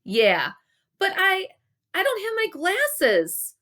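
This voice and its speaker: A woman voicing Wally, a nervous boy yelling his questions and worries. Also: very high voice, wildly swooping pitch, slow pace, voice pushed up, full character voice.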